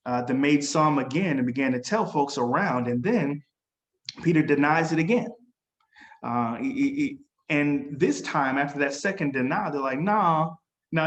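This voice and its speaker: A man's voice: medium pitch, reverberant. A man presenting a casual Bible study lesson, talking conversationally with lots of fillers and restarts, and acting out the people in the story with a raised voice. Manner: acts out quoted speakers in a raised voice.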